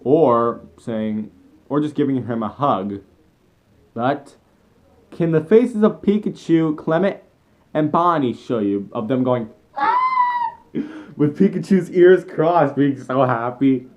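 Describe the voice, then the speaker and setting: A young man vlogging an excited, rambling fan rant with frequent self-corrections. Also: mid-range voice, slow, muffled recording.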